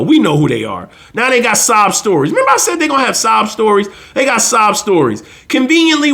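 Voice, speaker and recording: A man's voice: sits high, fairly bright tone. A man hosting his own finance channel, giving a blunt, slangy, preachy casual monologue.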